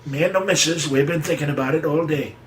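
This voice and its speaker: A man putting on the voice of a folksy old rural man, drawling slowly in a homespun way. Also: a little high, echoey room, slight background noise, voice pushed up, lightly acted.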